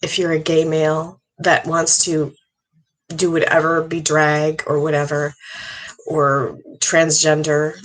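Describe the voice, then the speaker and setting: A middle-aged woman, a psychic medium, giving an earnest, halting monologue with many restarts. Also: low-pitched, monotone, a little hiss or hum, low-quality recording. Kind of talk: casual monologue.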